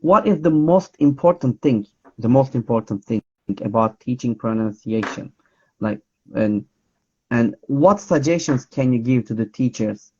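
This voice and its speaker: A man's voice: mid-range voice, expressive, unhurried, darkish tone, slightly rough. A man hosts an interview and circles around his question, restating it in several ways before he lets the guest answer. The sound is dull and lo-fi. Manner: rambling, rephrasing questions. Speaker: interview host.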